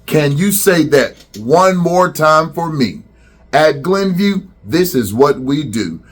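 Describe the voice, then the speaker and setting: A man's voice: fairly high pitch, lively intonation, slow pace. A middle-aged man, a school principal, addressing students in a welcome video and leading them in call-and-response chants.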